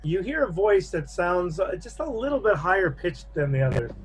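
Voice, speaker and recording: A man narrating a tabletop horror game as game master on a video call, pausing often with fillers. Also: sits high, big pitch swings, faint music behind. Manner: halting narration with many fillers.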